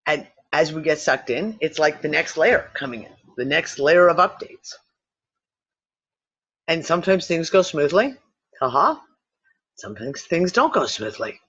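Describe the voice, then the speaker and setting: A man with a notably high voice talks through a speculative theory in a loose, meandering way, restarting sentences and swearing offhandedly. The sound is dull and lo-fi, with the top end muffled. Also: lively intonation, unhurried, pauses often, fairly bright tone, slightly rough. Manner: rambling, swears casually, thinks aloud with restarts. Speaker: podcast host. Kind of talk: casual speculative talk. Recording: dull lo-fi recording.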